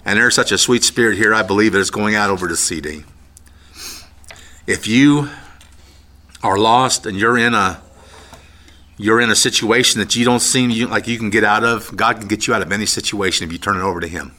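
A man giving a heartfelt spoken testimony, halting and earnest, then leading a prayer. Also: lowish voice, pushed and bright.

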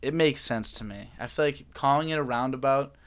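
A man's voice: medium pitch, fairly quick. A man from New England hosting a casual chat, rambling and joking and trailing off mid-sentence.

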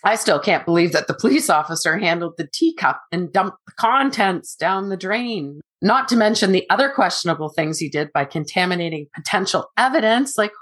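A woman's voice: fairly low pitch, lively intonation, fairly quick, few pauses, a bit bright. A woman co-hosting a podcast, reacting in casual chat with exasperated emphasis. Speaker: podcast co-host.

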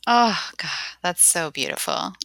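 A woman's voice: on the low side, big pitch swings, a little slow, gravelly, fairly bright tone, no room sound. A woman hosting an interview, asking questions and responding with encouragement. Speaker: interview host.

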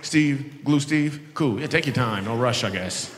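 Teasing stand-up comic in an echoey hall. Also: male voice, mid-range voice, a little slow, background noise. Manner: playful teasing banter with audience members. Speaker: stand-up comedian. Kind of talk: stand-up crowd work. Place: live show in a large venue with an audience. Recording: echoey hall with audience ambience.

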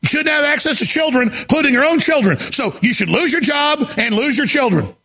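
Male talk radio host, frantic ranting delivery, bright gravelly rasp, high-pitched. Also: lively intonation, brisk. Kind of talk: impassioned on-air monologue.

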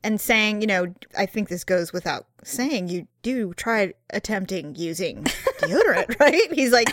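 A woman in casual chat, telling an animated story and laughing often. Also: medium pitch, a little slow, no room sound.

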